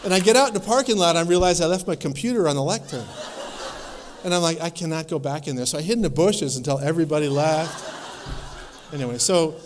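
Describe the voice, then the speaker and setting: A man lecturing at a conference, telling anecdotes in a lively way and acting out the voices of the people in his stories. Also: fairly high pitch, quick pace, long reverb tail, slight background noise. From North Dakota.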